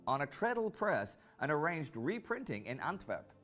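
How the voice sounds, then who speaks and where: A man giving scripted narration for a history documentary series, measured and storytelling, rising for quoted lines. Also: on the high side, very animated, fairly bright tone, soft background music. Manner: measured storytelling delivery, rises for quoted speech.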